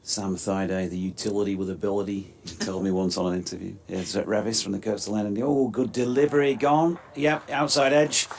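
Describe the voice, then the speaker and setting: A man giving live cricket commentary, relaxed and banterish, calling deliveries as they happen. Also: lowish voice, a little fast, gravelly, hardly any pauses, a little hiss or hum. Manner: relaxed, lifts sharply when a wicket falls.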